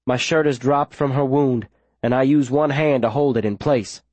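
A man's voice: mid-range voice, fairly even intonation, normal speed, no room sound. A man reading a first-person audiobook with urgent, tense storytelling. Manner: urgent, tense storytelling with sudden shouted lines. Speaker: audiobook narrator.

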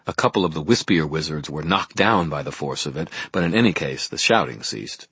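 A man's voice: rumbling low, animated, brisk, bright, forceful tone, breathy edge, no room sound. A man narrating a novel in first person with a wry storytelling manner. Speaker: audiobook narrator. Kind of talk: scripted narration.

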